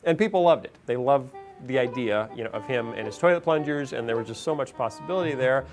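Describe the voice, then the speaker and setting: A man interviewed about making a show, telling stories in a relaxed way with many "you know" fillers. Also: mid-range voice, quick pace. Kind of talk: behind-the-scenes interview. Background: music.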